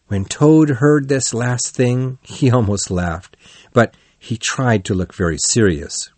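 Man reading a storybook, dry and even. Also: medium pitch, slow pace, no echo. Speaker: narrator. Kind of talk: scripted storybook narration.

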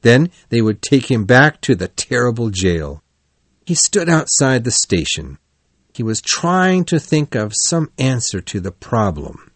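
A man reading a children's storybook aloud as narrator, in an even, clear storytelling delivery. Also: mid-range voice, measured pace, no echo.

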